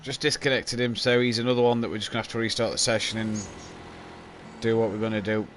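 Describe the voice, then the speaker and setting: A young man hosts a live sim-racing stream, chatting casually and explaining at length while sleepy late in an endurance broadcast. His voice is lowish, level, fast and a bit bright, with a little hiss or hum in the recording.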